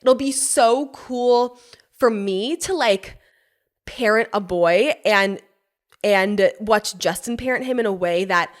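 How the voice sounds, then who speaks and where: A pregnant young woman hosting a podcast, telling a personal story in a casual, animated way, laughing often and swearing freely. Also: medium pitch, slow. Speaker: podcast host.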